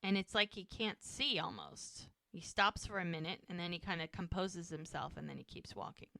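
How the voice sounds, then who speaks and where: A woman's voice: normal speed, gravelly, no room sound, studio quality. A middle-aged woman co-hosting a podcast, recapping a show in casual chat and acting out the characters' lines. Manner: animated retelling, acting out lines with swooping pitch. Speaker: podcast co-host.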